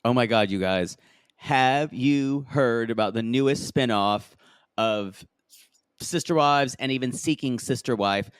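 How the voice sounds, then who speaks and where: A man co-hosting a casual reality-TV recap podcast, jokey and animated, often mimicking the cast in high mocking voices. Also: a little slow, smooth, dry recording, studio quality. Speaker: podcast co-host.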